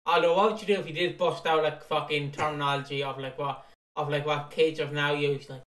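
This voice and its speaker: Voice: mid-range voice, level tone, a little fast, a bit bright, distant mic. A podcast co-host rambling in casual chat and swearing freely. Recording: roomy echo.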